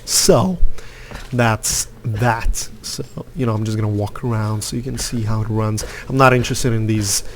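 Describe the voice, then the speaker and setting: A man's voice: lowish voice, level tone, normal speed, hardly any pauses, slight background noise. A man giving casual, rambling commentary over gameplay as a hardware reviewer, full of fillers and repeated words.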